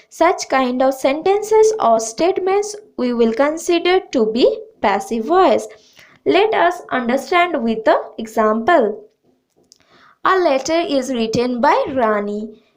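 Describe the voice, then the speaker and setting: Slow, patient woman teaching grammar. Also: sits high. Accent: Indian English. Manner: addresses students repeatedly, patient and repetitive. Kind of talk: slow explanatory lesson.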